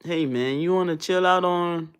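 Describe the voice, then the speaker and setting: A woman in her thirties, a vlogger telling stories in a blunt, casual, animated way. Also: fairly low pitch, moderate pace, clean tone. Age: 30s. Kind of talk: casual storytelling rant.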